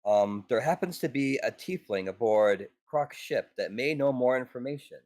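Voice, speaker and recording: A man's voice: medium pitch, lively intonation, moderate pace, darkish tone. A man playing a tabletop game, laying out plans for the group. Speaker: player. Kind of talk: casual tabletop play.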